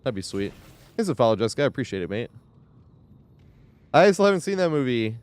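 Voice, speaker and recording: A man's voice: mid-range voice, very animated, fast talker, darkish tone, smooth, no room sound. A man chatting casually during a live game stream, rambling and laughing, swearing freely.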